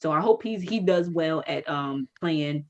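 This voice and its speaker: A woman co-hosting a casual podcast chat, profane and animated, laughing while she rants. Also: low-pitched, unhurried, dull audio. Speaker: podcast co-host.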